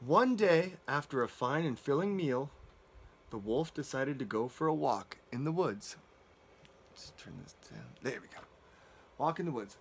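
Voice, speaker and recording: A man's voice: mid-range voice, lively intonation, measured pace, husky. A man reading picture books to children at storytime, playful and joking. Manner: playful, goofy, jokes to kids.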